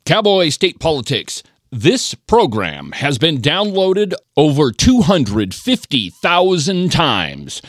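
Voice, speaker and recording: A man's voice: fairly high pitch, huge pitch swings, slow pace, no echo, clean studio sound. Mock-pompous man hosting a podcast. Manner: grandiloquent, mock-pompous showman. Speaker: podcast host. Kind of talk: political podcast opening monologue. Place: radio studio.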